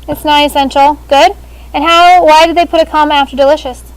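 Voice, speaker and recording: High voiced lady teacher going over grammar w her class, brisk, talking thru a face shield. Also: steady tone, poor audio. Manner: brisk, calls on students by name. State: speaking through a face shield. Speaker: sixth grade language teacher.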